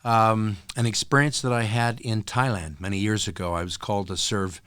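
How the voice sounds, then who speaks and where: An older man with a fairly low voice speaks as a podcast guest. He tells his story in an earnest, thoughtful way, pausing often with small fillers, and the recording is dry and close. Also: steady tone, a bit bright, clean tone, no echo. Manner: earnest, reflective, with frequent filler pauses. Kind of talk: storytelling interview.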